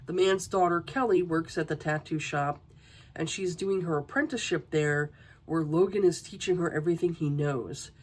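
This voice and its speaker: A woman giving a casual, exasperated book review, ranting with swearing and rhetorical questions. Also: fairly low pitch.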